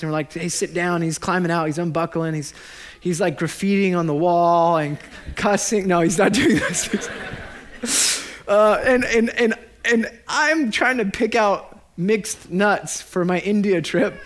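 A man in his thirties preaches a sermon in a fairly high voice. He keeps it light and animated, tossing in jokes and laughing at his own lines as he goes. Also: moderate pace. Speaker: pastor.

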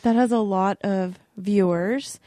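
A woman's voice: medium pitch, slow pace, warm tone, no room sound, clean studio sound. Earnest, rambling woman podcast co-host. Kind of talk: casual chat.

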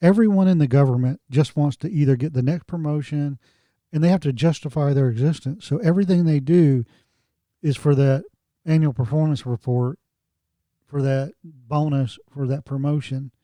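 Mellow-voiced older man, blunt and emphatic. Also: a little high, normal speed, no room sound. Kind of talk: casual conversation.

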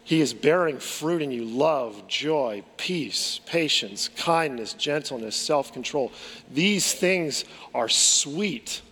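A male pastor preaches with earnest conviction, firing rhetorical questions and circling back over his words. His voice sits a little higher than most men's. The sound rings out with a long reverb, as in a large hall. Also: animated, takes it slowly, a bit bright, slightly rough. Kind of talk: sermon.

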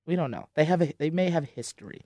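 A man's voice: a little high, quick pace, dry recording. A man co-hosting a podcast, recapping a dating show in casual chat and acting out what people said. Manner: animated storytelling, acts out quotes. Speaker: podcast co-host.

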